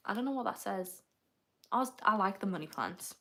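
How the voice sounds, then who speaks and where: A young woman talks casually on her livestream at a middling pitch. She rambles from one thought to the next, reads viewer comments aloud and laughs readily along the way. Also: animated, fairly bright tone. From United Kingdom. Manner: chatty and rambling, quick to laugh. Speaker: livestream host.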